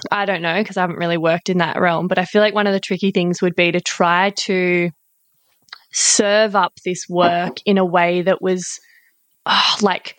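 A woman hosting a casual podcast, chatty and animated, swearing casually. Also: mid-range voice, dry recording. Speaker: podcast host.

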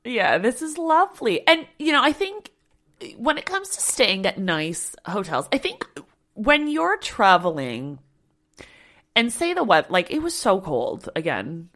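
A woman co-hosting a casual travel chat, telling a story with lively acted-out quotes. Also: medium pitch, measured pace. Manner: animated storyteller, acts out quotes. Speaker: podcast co-host.

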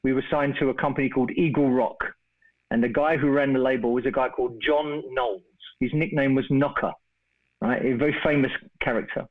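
A middle-aged man from England telling a long casual story, chatty and animated, acting out the voices of the people in it. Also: mid-range voice, brisk. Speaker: guest storyteller. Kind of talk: casual anecdote on a phone call. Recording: tinny phone-line sound.

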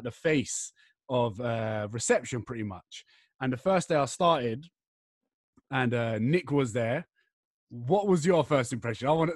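A man's voice: mid-range voice, no echo, studio quality. A young English man hosting a podcast, chatting casually in a rambling, slangy way with his friend. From England. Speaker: podcast host. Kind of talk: casual chat.

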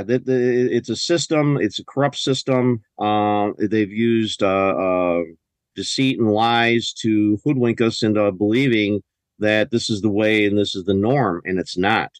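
A man's voice: fairly low pitch, no room sound. A man talking as a podcast guest, telling stories in an emphatic, indignant way with many restarts. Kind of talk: casual conversational storytelling. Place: lives in a US state.

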